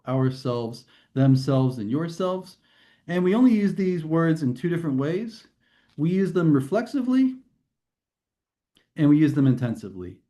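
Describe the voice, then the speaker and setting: Guy tutor walking thru grammar, laid back, warm mellow tone, lots of ums. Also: a little high. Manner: explanatory, casual with fillers and restarts. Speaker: test prep tutor. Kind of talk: recorded grammar lesson.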